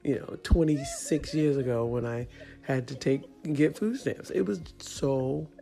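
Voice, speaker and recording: A woman telling a personal story in a slow, measured, matter-of-fact way. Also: extremely low pitch, lively intonation, vocal fry, warm tone, faint music behind. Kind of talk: personal story in a casual chat.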